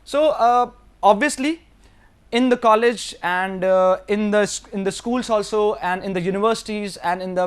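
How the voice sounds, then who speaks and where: A man from Delhi lectures in Indian English, his voice sitting high for a man. He speaks earnestly and straight to his students, circling back over his points and sometimes dropping into Hindi mid-sentence. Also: smooth. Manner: earnest, repetitive, addresses students directly, slips into Hindi. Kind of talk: recorded course lecture.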